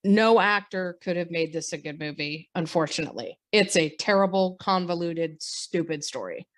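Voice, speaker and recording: A woman's voice: fairly low pitch, moderate pace. A woman co-hosting a podcast, ranting bluntly and sarcastically about a bad movie in casual chat. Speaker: podcast co-host.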